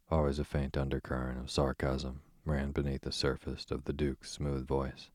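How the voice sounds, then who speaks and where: A man calmly reading a story aloud to help listeners fall asleep. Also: rumbling low, normal speed, few pauses, no echo, clean studio sound. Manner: calm, soothing reading for sleep. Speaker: narrator.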